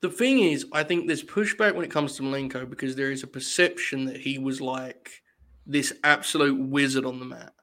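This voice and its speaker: A man's voice: mid-range voice, moderate pace, pushed and bright. A man co-hosting a casual wrestling podcast, opinionated and laid-back, saying "like" and "dude" and swearing freely. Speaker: podcast co-host.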